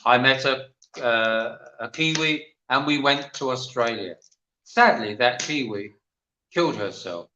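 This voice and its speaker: Chatty older Englishman, bright tone. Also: medium pitch, expressive, measured pace, echoey room, dull audio, a little hiss or hum. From England. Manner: chatty, rambling storyteller. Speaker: panel guest. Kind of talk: livestream panel chat.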